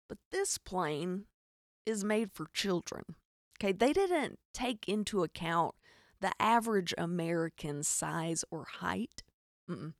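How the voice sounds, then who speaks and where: A woman from Arkansas with a Southern Arkansas accent, telling a funny story as a podcast host, with animated, exasperated asides. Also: fairly low pitch, gravelly, no echo, studio quality. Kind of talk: comedic storytelling monologue.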